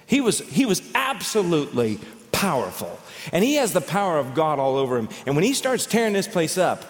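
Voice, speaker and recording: A man preaching a sermon as pastor, telling stories in an animated way and often repeating words as he goes. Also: high voice. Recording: long reverb of a large hall.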